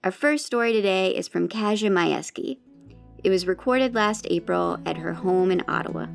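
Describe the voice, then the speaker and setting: A woman hosting a podcast, giving a friendly, clear scripted introduction. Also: mid-range voice, moderate pace, music in the background. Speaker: podcast host.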